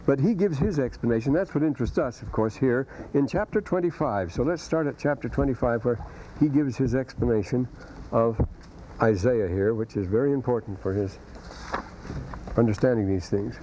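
A man's voice: mid-range voice, normal speed, mellow, a little hiss or hum. A man lecturing a university class on scripture, wandering off into scholarly asides as he reads and explains passages. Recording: dull lo-fi cassette lecture tape.

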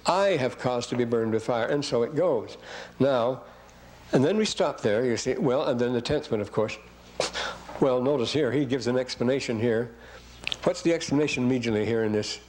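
A man's voice: medium pitch, darkish tone, slight background noise, low-quality recording. Rambling man teaching scripture class. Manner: reads verses aloud, then breaks off to comment; rambling, asks the class questions.

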